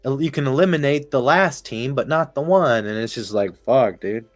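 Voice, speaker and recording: A man's voice: medium pitch, expressive, brisk, no echo, soft background music. A man streaming casual live baseball commentary, rambling, swearing often and laughing as he talks. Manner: rambling, profane, laughs while talking. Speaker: sports streamer.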